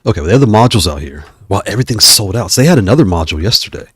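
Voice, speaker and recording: Breathless husky-voiced man on a livestream. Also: on the low side, lively intonation, rapid-fire, no echo. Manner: rambling, chatty, thinks aloud while browsing. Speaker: livestream host. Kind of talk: casual livestream chat.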